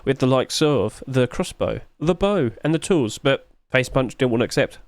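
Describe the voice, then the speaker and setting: A man's voice: expressive, normal speed, no echo, studio quality. Chatty sleepy man reviewing game skins. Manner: chatty, rambling, with sudden high-pitched exclamations. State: sleepy, yawning. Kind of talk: casual screen commentary.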